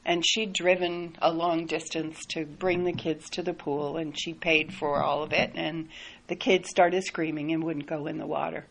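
A woman telling a personal story in a soft, reflective way, often laughing lightly. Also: low voice, level tone, moderate pace, gravelly, rough recording. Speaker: speaker sharing a personal story.

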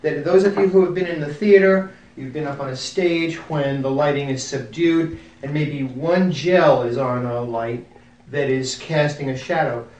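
A man with a fairly high voice talks a group through a demonstration, genial and quick with a self-deprecating joke. He sounds a little distant from the mic, in a room with noticeable echo. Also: a little mellow, highs cut off. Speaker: musician giving a demonstration. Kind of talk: informal group talk with demonstration. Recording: roomy, from a distance.

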